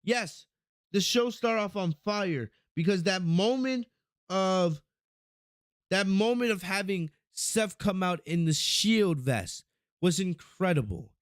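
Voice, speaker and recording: Excitable, profane podcast host, higher voice. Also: male voice, slow, no echo, studio quality. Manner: excitable, profane, rambling recap with frequent restarts. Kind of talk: casual wrestling review podcast.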